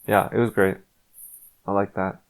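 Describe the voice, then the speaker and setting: A man's voice: lowish voice, level tone, normal speed. A man co-hosting a casual anime review podcast, talking in a laid-back, rambling way with many fillers. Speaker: podcast co-host.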